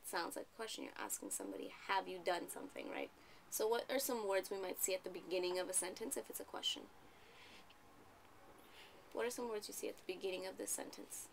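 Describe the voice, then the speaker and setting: A young adult woman tutoring a child in reading, asking steady guiding questions. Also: medium pitch, brisk, vocal fry, slight background noise. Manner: patient, questioning, coaching. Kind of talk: one-on-one reading lesson.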